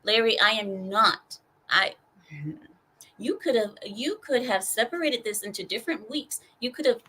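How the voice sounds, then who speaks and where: Young woman host with a sarcastic, animated ranting delivery and a bright voice. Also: fairly high pitch, moderate pace, husky, poor audio. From California. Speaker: streamer and host. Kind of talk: ranting news commentary.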